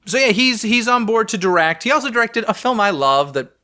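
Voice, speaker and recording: A man co-hosting a fan podcast in casual chat, animated and chatty with self-deprecating asides. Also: high-pitched, brisk. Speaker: podcast co-host.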